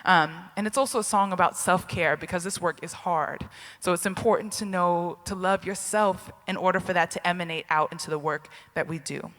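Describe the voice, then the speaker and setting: A woman giving a live keynote address. She is energetic and leads her audience in call-and-response. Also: on the low side, brisk. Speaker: keynote speaker and hip hop activist. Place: large lecture hall with a live audience. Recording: reverberant hall sound.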